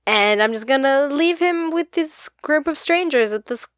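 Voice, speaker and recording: A woman's voice: sits high, lively intonation, moderate pace, a bit bright, no room sound, studio quality, pitched above the performer's own voice. A woman putting on the voice of a flippant teenage girl who abandons her brother, in a breezy, dismissive tone.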